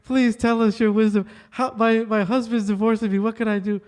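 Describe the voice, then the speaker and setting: A woman's voice: on the high side, level tone, fairly quick, darkish tone, pitched above the performer's own voice, natural voice. A man voicing a gushing female talk-show host who pleads dramatically for advice. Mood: pleading.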